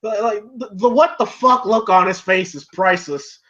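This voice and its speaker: A man's voice: sits high, normal speed, bright, forceful tone. A man casually recapping a film as a reviewer, rambling and filling his talk with "you know" and "like". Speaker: movie reviewer. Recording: dull lo-fi home recording.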